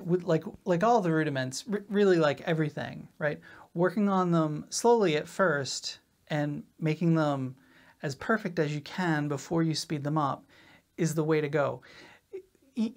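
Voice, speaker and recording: A woman drum teacher explaining rudiments in a relaxed, casual way, often checking in with "right?". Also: sits low. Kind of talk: casual instructional talk.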